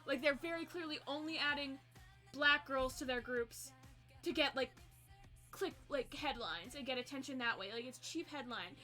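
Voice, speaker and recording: Bright, high-voiced woman streamer chatting. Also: normal speed, soft background music. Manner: chatty, fillers of "like", swears, laughs often. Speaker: livestreamer. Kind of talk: casual chat with live chat. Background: quiet pop song playing.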